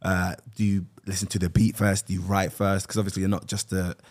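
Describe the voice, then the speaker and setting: A man's voice: low-pitched, level tone, fairly quick, darkish tone. A man with an English accent hosting a casual interview, chatty and loose, with lots of fillers and restarts. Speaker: host.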